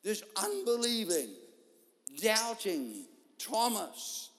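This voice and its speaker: A man preaching a sermon, telling a story in an animated way and acting out the voices of people in it. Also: high voice, very slow. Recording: long hall reverb.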